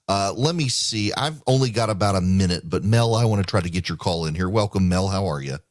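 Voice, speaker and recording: A man hosting a radio talk show, reading ads and taking calls in a quick, conversational way. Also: low voice, no echo, clean studio sound.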